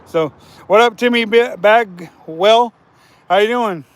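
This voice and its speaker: A man's voice: sits high, slow pace. A man hosting a casual fishing livestream from outdoors by a river, chatting with viewers and laughing often.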